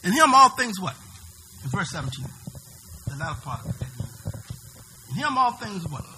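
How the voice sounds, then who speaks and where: Male preacher, high, bright, animated voice, shouts at peaks, faint mains hum in the recording. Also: moderate pace. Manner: preaching with sudden shouted peaks and call-and-response questions. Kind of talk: sermon.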